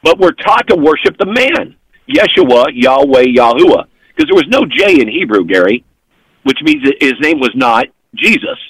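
Excitable high-voiced man telling a story. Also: moderate pace, creaky, breathy edge, no echo, rough recording. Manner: excitable, keeps checking in with "okay?". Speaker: podcast guest. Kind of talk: animated storytelling.

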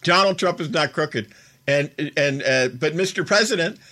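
A man's voice: high voice, moderate pace, sharp tone. A man hosting a political commentary show, recounting an interview in a casual, incredulous and mocking way, laughing as he goes.

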